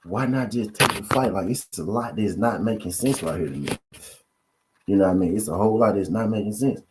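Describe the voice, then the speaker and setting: A man's voice: fairly low pitch, a little fast, heavy background noise. A man hosting a boxing channel, giving a casual, repetitive commentary rant full of rhetorical questions to his viewers.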